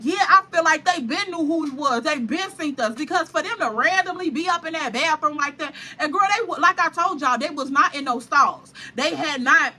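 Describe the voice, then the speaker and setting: A young woman vlogger telling a story casually, animated, acting out what people said, full of slang. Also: high-pitched, a little hiss or hum. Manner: animated, acts out quotes, heavy slang.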